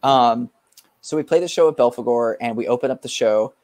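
A man's voice: mid-range voice, brisk, darkish tone, no room sound. Man telling a story in a dry room. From California, US. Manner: rambling, fillers and swearing. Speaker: guest musician. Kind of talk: casual storytelling.

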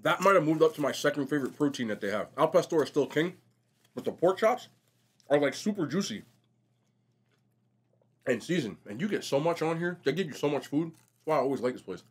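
A young man vlogging casually while eating, telling stories in a slangy, animated way. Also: on the high side, brisk, long pauses, slightly rough. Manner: animated, slangy storytelling, says bro a lot. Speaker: mukbang vlogger.

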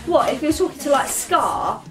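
A woman's voice: high voice, lively intonation, fairly quick, music in the background. A woman doing a rambling comic monologue full of slang, ending lines with 'mate' and 'yeah?'. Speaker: vlogger playing a comic persona.

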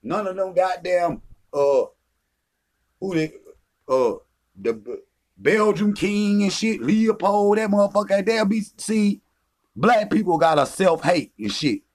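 Male vlogger, slightly high voice, angry profane rant full of taunts. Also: expressive, a little slow, darkish tone. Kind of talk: confrontational rant.

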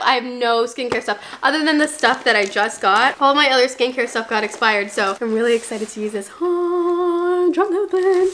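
A young woman vlogger chatting casually while unboxing a haul, gushing and excitable with frequent squeals and gasps. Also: fairly high pitch, slight background noise.

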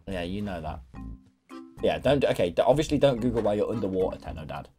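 A young man with an English accent, chatting and teasing excitably while gaming on stream. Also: lowish voice, fast, soft background music. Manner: excitable, teasing, loud bursts. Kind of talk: casual gaming chat.

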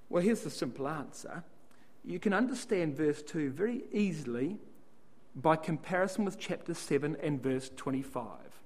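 A man's voice: a little high, darkish tone. A man giving a Bible study talk, reading scripture aloud and asking and answering his own questions as he explains each verse. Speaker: Bible class speaker.

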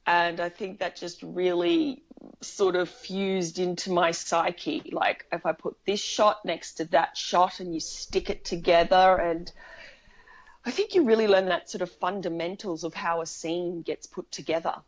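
A woman with a slightly low voice chats as a guest in an interview. She talks at length, with many restarts and easy laughter. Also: steady tone, unhurried, highs cut off. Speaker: film writer and director, guest. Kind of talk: casual interview chat.

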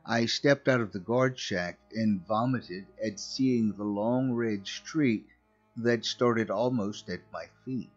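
A man narrating a scripted horror story in a slow, measured way. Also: on the low side. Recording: muffled recording with faint music.

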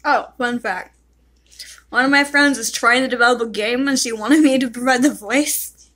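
A woman's voice: fairly high pitch, moderate pace, a bit bright. A woman casually commenting on a game she is playing, giggling and breaking into helpless laughter, and talking to the characters and her cat. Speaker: gaming YouTuber.

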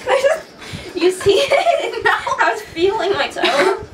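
A high-voiced young woman telling childhood stories in a relaxed chat, giggling all through. Her voice jumps up and down a lot. It was recorded from a distance in an echoey room with clear background noise. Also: takes it slowly. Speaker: co-host of a couple's vlog. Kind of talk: casual storytelling chat.

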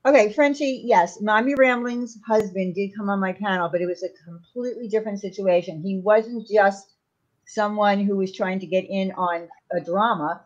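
A woman's voice: mid-range voice, moderate pace, lo-fi sound. A woman guest on a livestream panel, explaining things in a matter-of-fact way over a video call. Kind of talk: casual livestream chat.

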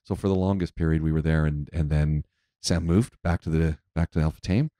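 A man's voice: extremely low pitch, a little fast, mellow, no echo, clean studio sound. A man hosting a podcast, telling stories in a chatty way and laughing often. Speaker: podcast host. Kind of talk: casual chat.

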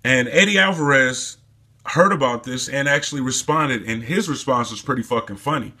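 A man's voice: medium pitch, moderate pace, pushed and bright, breathy edge. A man delivering a heated, profane and mocking commentary rant in a casual vlog, recorded alone indoors. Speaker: sports commentary vlogger.

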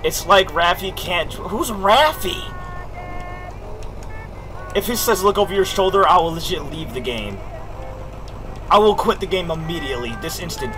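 A young man streaming a game, talking loudly and excitedly in jokey slang, swearing often and reacting out loud. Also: high voice, normal speed, long pauses, slight background noise. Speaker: gaming streamer. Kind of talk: live gameplay commentary.

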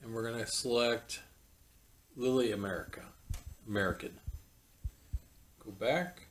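A man's voice: mid-range voice, steady tone, unhurried, long pauses, slight background noise. A man hosting a casual product demo, thinking aloud in an easygoing way as he clicks through a robot's settings. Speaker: host demonstrating a home robot.

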